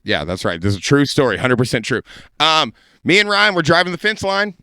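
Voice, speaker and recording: Guy doing crude bits, bright and clear, bit high. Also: brisk, no room sound, studio quality. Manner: brash, crude, animated. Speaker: stand-up comedian. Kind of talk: comedic storytelling. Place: podcast studio.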